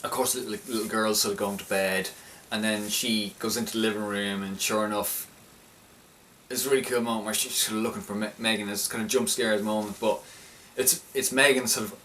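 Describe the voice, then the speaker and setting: With a bright, forceful tone on the low side, a young man rambles through a casual recap of a film he liked, frequently restarting sentences in his enthusiasm. As a film reviewer, he's recorded a little far from the mic, with faint noise behind him.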